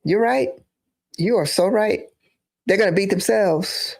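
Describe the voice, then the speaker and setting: A woman's voice: mid-range voice, a little slow, vocal fry, darkish tone. A woman giving emphatic live-stream political commentary, repeating phrases for emphasis.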